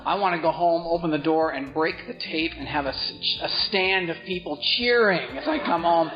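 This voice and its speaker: A man's voice: a little high, moderate pace. A man telling his recovery story with wry, self-mocking humor, acting out the people he meets. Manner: wry, self-mocking, acts out other voices. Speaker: recovery meeting speaker. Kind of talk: comedic storytelling talk. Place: meeting hall with live audience. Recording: roomy, muffled hall recording with music.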